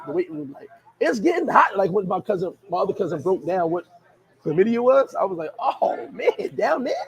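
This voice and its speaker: A man, chatting casually as a vlogger, reading viewer comments and telling stories in an animated, laughing, slangy way. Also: sits high, muffled recording. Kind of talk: casual chat.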